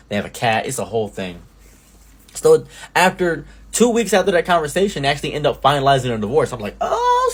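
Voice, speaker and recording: Animated young man spinning a storytime. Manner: animated, mock-grandiose storytelling with sudden high-pitched exclamations. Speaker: streamer telling a personal story. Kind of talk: storytime commentary.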